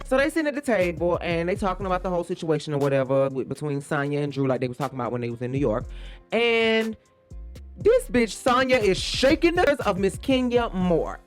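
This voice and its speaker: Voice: medium pitch, very animated, quick pace, faint music behind. A co-host giving sassy, gossipy commentary in casual reaction chat.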